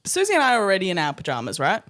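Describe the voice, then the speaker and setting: A woman co-hosting a podcast, telling an animated story in casual chat, laughing and swearing as she goes. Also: mid-range voice, racing. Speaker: podcast co-host.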